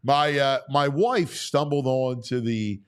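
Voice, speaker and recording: A man's voice: mid-range voice, slow pace, clean tone. A middle-aged man hosting casual sports talk, opinionated and prone to stammering restarts. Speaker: sports talk show host.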